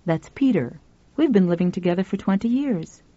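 A woman's voice: medium pitch, animated, normal speed, warm tone, dry recording, dull audio, natural voice. Woman doing a stern older spinster. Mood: prickly. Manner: clipped, querulous. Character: thin graying older spinster, stern, prickly.

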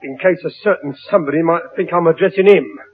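A man's voice: on the high side, fast, slightly rough. A man playing a pompous, huffy older father in a radio comedy, sarcastic and blustering. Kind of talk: 1950s radio comedy acting. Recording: tinny old radio broadcast with hiss.

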